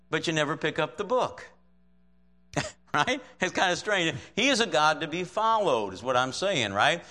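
A man preaching in a relaxed, conversational way, his voice a touch high and bright with a forceful edge. He reads scripture aloud and keeps checking in with his listeners. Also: moderate pace. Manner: conversational, checks in with frequent "right?"; chuckles often while preaching. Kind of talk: sermon with scripture reading.

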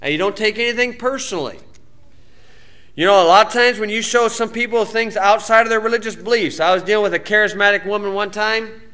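High, bright-voiced Baptist preacher man. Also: brisk. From United States. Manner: folksy, plain-spoken, colloquial grammar. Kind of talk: informal sermon-style teaching.

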